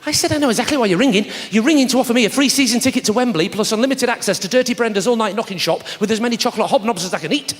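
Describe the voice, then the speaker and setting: A man doing live stand-up comedy, telling a sarcastic story in an animated way with shouted punchlines. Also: extremely high pitch, racing, hardly any pauses. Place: large theatre stage with audience. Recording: live hall recording with reverb and crowd noise.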